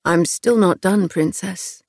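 A woman reading an audiobook, voicing a tall young man who speaks low, hushed and intimate, tender and intent. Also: slow, gravelly, dry recording, studio quality, full character voice.

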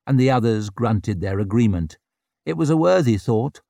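A man giving measured, grave narration of a dark fantasy audiobook. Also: medium pitch, lively intonation, gravelly, dry recording, clean studio sound.

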